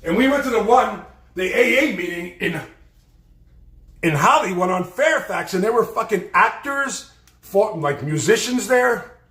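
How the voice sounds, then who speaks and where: A livestream host telling rambling, profane stories in a blunt way. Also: male voice, high voice, expressive, a little slow, fairly bright tone. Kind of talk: storytelling on a livestream. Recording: roomy echo.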